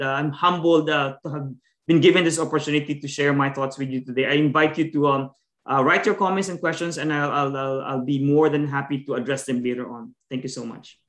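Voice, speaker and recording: A man gives a scholarly talk as a discussant, his voice pitched slightly above the usual male range. He moves at a measured pace, leaning on fillers and small restarts. The video-call audio sounds roomy and echoey. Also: fairly bright tone. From Philippines. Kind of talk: academic lecture.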